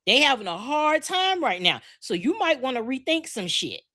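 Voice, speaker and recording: A woman rants on a podcast in a high, bright voice that swings wildly up and down. She is brash and profane, circling back to the same phrases over and over. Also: big pitch swings, normal speed. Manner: brash, profane, repeats herself. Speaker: podcast co-host. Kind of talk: loud comedic rant.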